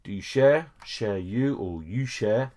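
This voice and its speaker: A man's voice: on the low side, expressive, slow pace, a little mellow. A man teaching a French lesson over a screen recording, explaining each step patiently with frequent okays and small hesitations.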